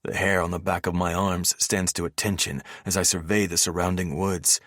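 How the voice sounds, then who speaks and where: A man narrating a first-person romance audiobook in a steady, measured reading voice on a close mic. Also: low voice, no room sound.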